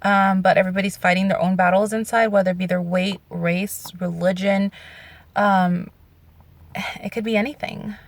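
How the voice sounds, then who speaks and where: A woman's voice: mid-range voice, little pitch movement, moderate pace, no room sound. A woman telling a personal story in a vlog, earnest, candid and emotional. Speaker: vlogger.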